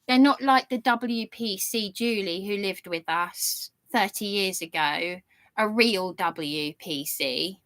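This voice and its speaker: A woman vlogger with a fairly high, slightly bright voice tells her viewers an aggrieved story straight to camera. She sounds indignant and rambles as she goes.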